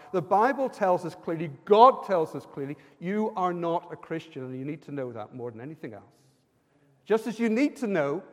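A man preaching a sermon in a church, earnest and personal, building to emphatic repeated lines. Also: high-pitched. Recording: long hall reverb.

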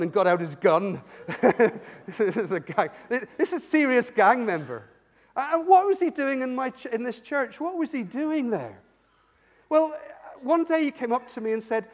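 A man preaching a sermon in church, animated storytelling that swings from loud to hushed. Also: extremely high pitch, moderate pace. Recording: long hall reverb.

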